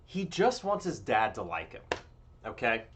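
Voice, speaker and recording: A young man streaming live, giving casual, blunt and profane commentary that swings between loud outbursts and low mutters. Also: huge pitch swings, unhurried, breathy edge.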